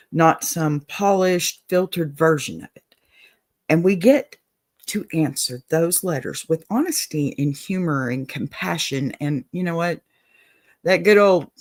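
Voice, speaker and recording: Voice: medium pitch, dry recording, clean studio sound. A Southern-accented host from Texas giving an encouraging advice-show monologue, often asking "okay?" and saying "y'all.".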